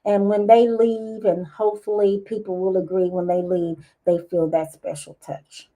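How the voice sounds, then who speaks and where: A middle-aged woman, a podcast guest, telling lively personal stories in casual interview chat. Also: medium pitch, moderate pace. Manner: lively storytelling, expressive. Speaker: guest, business owner.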